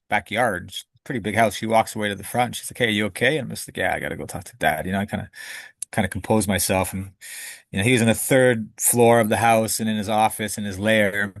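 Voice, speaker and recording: Male guest, low voice, dry sound, candid and emotional storyteller who curses freely. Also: no echo. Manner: emotional, candid, swears casually. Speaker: podcast guest.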